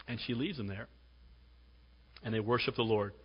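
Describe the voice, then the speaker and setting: A man's voice: on the low side, normal speed, slightly rough. Emphatic preacher man in a hall. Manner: emphatic, swings from loud to hushed. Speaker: pastor. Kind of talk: sermon. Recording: dull lo-fi recording with long hall reverb.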